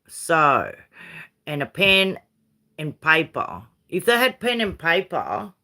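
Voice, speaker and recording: An older woman with a Uruguayan Spanish accent, Spanish her first language, who rambles through a casual rant at an unhurried pace. She mixes Aussie slang and mild swearing into her chatty, drifting talk. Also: low-pitched, very animated, bright, forceful tone. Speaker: vlogger.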